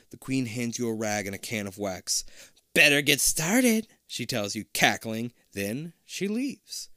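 A man reads a spooky adventure book aloud in a loose, joking way, swearing and cracking asides. His voice jumps around in pitch with lively animation, and the sound is close and dry. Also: no echo. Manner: irreverent, swears, jokes between passages. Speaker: reader of a choose-your-own-adventure book. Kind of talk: casual comedic read-aloud.

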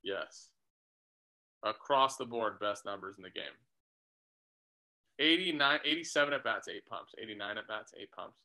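A man co-hosting a casual baseball podcast, joking and throwing out quick hot takes. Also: fairly low pitch, expressive, sharp tone. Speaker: co-host.

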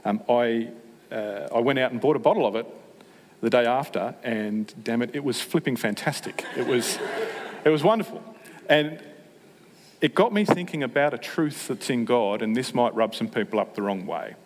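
A man preaching a sermon, humorous and self-mocking, with animated asides. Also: mid-range voice, moderate pace. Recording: long hall reverb.

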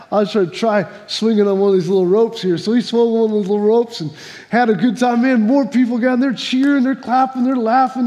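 High-voiced pastor in a reverberant hall. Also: male voice, darkish tone. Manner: folksy storytelling, restarts and repeats. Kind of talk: sermon with opening joke.

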